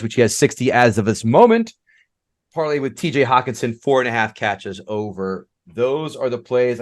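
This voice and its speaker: A man's voice: medium pitch, no echo. A man with an ordinary mid-range voice reads through his betting list and cracks jokes, sometimes tripping over names. The sound is close and dry, with no room around it. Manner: brisk list-reading, joking, tongue-tied. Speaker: podcast co-host. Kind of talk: casual sports betting chat.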